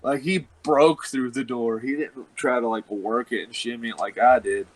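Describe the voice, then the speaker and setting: A man's voice: medium pitch, fairly even intonation, normal speed, dry recording, low-quality recording. A man, a wrestler, telling a rambling, profane story in casual chat and laughing often. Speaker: professional wrestler guest.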